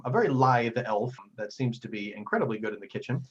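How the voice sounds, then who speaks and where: Husky-voiced man running a tabletop game. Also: mid-range voice, expressive, fast, lo-fi sound. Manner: warm storytelling with frequent ums and restarts. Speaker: game master.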